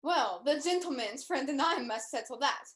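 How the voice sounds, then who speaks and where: A woman acting a bold, cheerfully blunt gentleman duelist in a live online stage play. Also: sits high, expressive, normal speed. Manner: cheerfully blunt, relishing morbid talk. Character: bold Irish gentleman duelist, Sir Lucius. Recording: echoey room over video call.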